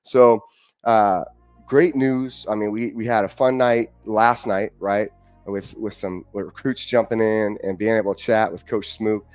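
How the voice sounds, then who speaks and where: A man's voice: lowish voice, steady tone, measured pace, darkish tone, no room sound, soft background music. A man from the Northwest hosting a casual, upbeat live sports stream, greeting viewers in the chat and repeating himself often. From Washington state, US. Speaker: livestream host.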